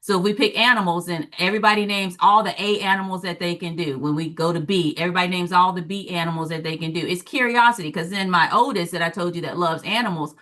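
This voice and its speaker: A woman's voice: fast talker, hardly any pauses. A woman in her forties from the American South, a former teacher and parent, telling stories on a talk show and acting out the quotes. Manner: animated storyteller, acts out quotes with big pitch jumps. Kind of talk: storytelling in a talk show discussion.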